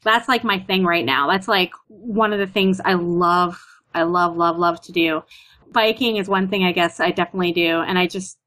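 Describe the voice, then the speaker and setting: A woman's voice: on the low side, moderate pace. A Canadian woman chatting casually, full of "like" and "you know", acting out her own stories. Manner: chatty, lots of "like" and "you know", animated retellings. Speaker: guest. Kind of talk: casual chat.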